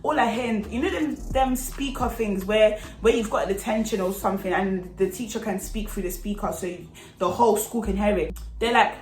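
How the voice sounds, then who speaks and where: A young woman telling a lively storytime in a vlog, full of slang and acted-out scenes. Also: mid-range voice, moderate pace. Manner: animated, slangy, acts out the scenes. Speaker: vlogger. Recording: echoey room.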